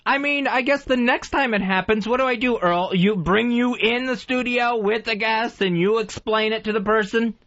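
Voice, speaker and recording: A man's voice: very high-pitched, fairly even intonation, normal speed, few pauses, a bit bright, lo-fi sound. A man co-hosting a radio talk show, complaining in an exasperated, emphatic way during casual banter.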